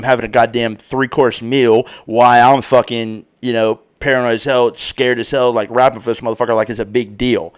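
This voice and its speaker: A man's voice: medium pitch, smooth. A man in his thirties hosting a podcast solo, rambling in casual chat with slang and constant swearing. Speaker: podcast host.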